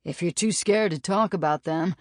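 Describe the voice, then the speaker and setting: A woman's voice: lowish voice, moderate pace, no echo, clean studio sound, lightly acted. A woman voicing a nervous, eager young man on the frontier, in an audiobook. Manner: eager, jittery.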